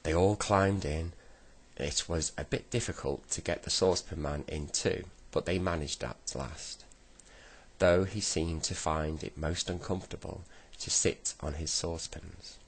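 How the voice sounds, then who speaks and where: A man reading a children's storybook aloud slowly and gently. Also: very deep voice, breathy edge. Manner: slow, gentle storybook reading with voiced characters. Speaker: reader.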